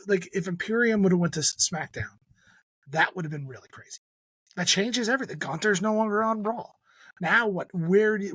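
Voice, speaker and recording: Husky high-voiced podcast guy. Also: no echo. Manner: animated, jokey wrestling fan talk. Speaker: podcast co-host. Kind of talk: casual chat.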